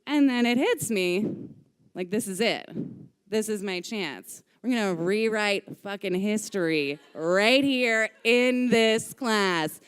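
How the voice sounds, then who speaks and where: A woman telling a personal story live on stage into a microphone, candid and lively, swearing casually. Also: medium pitch, slow pace, smooth. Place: stage of a live music venue.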